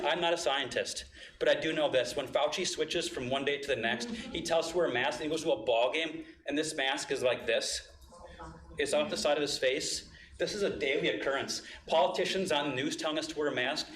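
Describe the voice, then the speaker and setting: Emotional man speaking in an echoey hall. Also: on the high side. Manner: emotional, emphatic, rising to loud outbursts. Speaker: public commenter. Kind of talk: impassioned public comment. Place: public board meeting hall.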